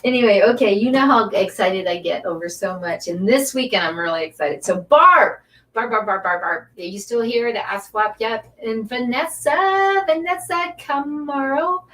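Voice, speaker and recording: On her live stream, this woman, who reads angel cards and teaches Reiki, speaks at a moderate pace in a slightly high, animated, somewhat bright voice captured from a distant mic. She keeps things casual and gushing, encouraging and rooting for the people watching.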